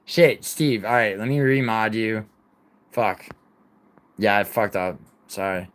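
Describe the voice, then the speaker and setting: A young man in his twenties talks off the cuff on a livestream, swearing freely and trailing off into restarts. His voice sits fairly low, and he answers chat messages as they come in. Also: takes it slowly. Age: 20s. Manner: rambling, profane, reads and answers chat. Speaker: livestream host.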